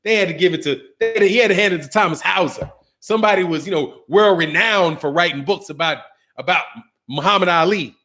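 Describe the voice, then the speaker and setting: A man's voice: high-pitched, brisk, pushed and bright. A man hosting a boxing channel, giving a slangy, mocking commentary rant.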